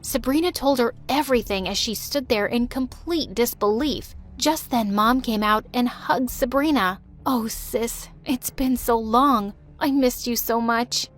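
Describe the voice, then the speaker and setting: A woman's voice: a little high, measured pace, few pauses. A woman narrating a first-person storytime in a dramatic, emotional way and voicing the other people in it.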